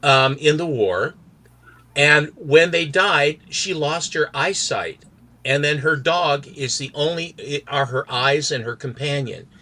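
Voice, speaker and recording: A man's voice: a little high, slow, bright, forceful tone. A man in a podcast chat retelling a comic book story, reading out its characters' lines. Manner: acts out characters with accents while retelling. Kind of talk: animated storytelling, reading out dialogue.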